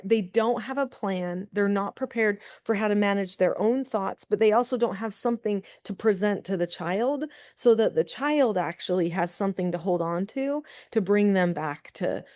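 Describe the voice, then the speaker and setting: A middle-aged woman, a guest on a parenting show, telling stories in lively conversation and acting out other people's voices. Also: mid-range voice, normal speed, hardly any pauses. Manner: lively, acts out quoted voices. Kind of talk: conversational storytelling.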